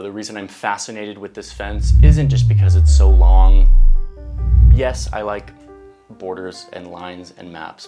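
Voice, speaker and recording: A woman host giving a casual, jokey educational narration with chatty asides. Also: very deep voice. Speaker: video essay host. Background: background music.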